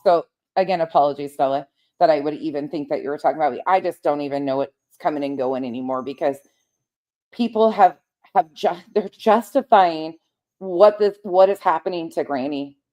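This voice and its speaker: A woman with a lowish voice chats casually on a late-night livestream, answering her viewers directly. She gets heated and swears freely, and she paces while she talks. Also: a little fast, darkish tone. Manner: paces around while talking. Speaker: livestream host reading chat.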